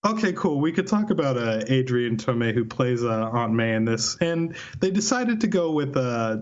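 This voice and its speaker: A man's voice: medium pitch, sing-song, normal speed. A man co-hosting a laid-back movie podcast, chuckling often as he talks in a mid-range voice. The audio is a little dull and lo-fi. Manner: laughs often, easygoing and amused. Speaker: podcast co-host. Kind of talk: casual film discussion.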